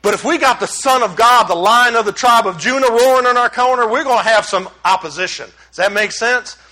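Man, middle-aged, preacher, animated conversational sermon, high-pitched. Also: a little fast. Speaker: pastor. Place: church sanctuary.

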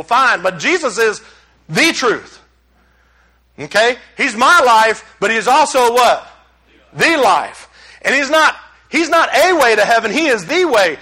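A middle-aged man, pastor preaching a sermon in a church, animated and conversational with humor. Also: very high voice. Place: church sanctuary.

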